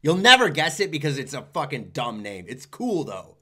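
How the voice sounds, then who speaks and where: A man's voice: a little high, wildly swooping pitch, moderate pace, sharp tone. A man co-hosting a podcast, joking crudely and swearing a lot in casual chat. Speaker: podcast co-host.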